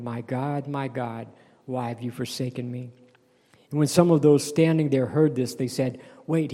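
A man's voice: medium pitch, warm tone, long reverb tail. A man preaching a sermon, reading scripture aloud and then explaining it, with a few restarts and a call of "Amen?". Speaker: pastor.

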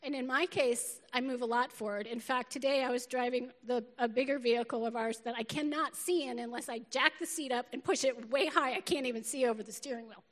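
A middle-aged woman pastor preaching a lively, feisty sermon and laughing often, recorded in a church auditorium. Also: a little high, a little fast, hardly any pauses. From northern United States. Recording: long reverb of a large hall.

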